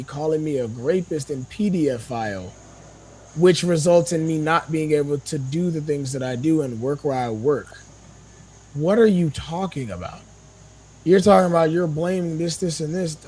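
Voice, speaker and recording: His voice runs a little high with a breathy edge as this young podcast guest vents in heated casual conversation. He's indignant, swearing and throwing out one rhetorical question after another.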